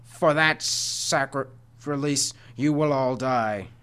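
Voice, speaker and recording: A man voicing a many-mouthed, weeping hair monster, drawn-out and slow, as he reads a story aloud. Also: mid-range voice, fairly bright tone, smooth. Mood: wailing threat. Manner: slow, drawn-out, tearful threats.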